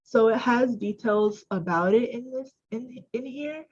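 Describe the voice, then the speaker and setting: A woman trainer takes her time through a weekly software tutorial, circling back and correcting herself as she goes. Her speech is slow and loose. The sound is dull and lo-fi, like a laptop mic on a call. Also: a little high, slightly rough. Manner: chatty, self-correcting, many fillers. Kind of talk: screen-share tutorial.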